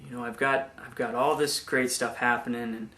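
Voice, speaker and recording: Halting young man giving a testimony. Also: medium pitch, fairly even intonation, bright, forceful tone, echoey room. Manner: halting, many restarts and repeated words. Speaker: former missionary giving testimony. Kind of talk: personal faith testimony.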